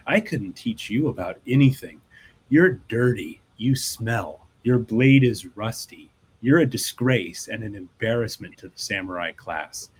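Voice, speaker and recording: Storybook Zen monk read by a man: small, disdainful, deliberate; lowish voice. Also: animated, darkish tone, breathy edge. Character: scornful little old male Zen monk.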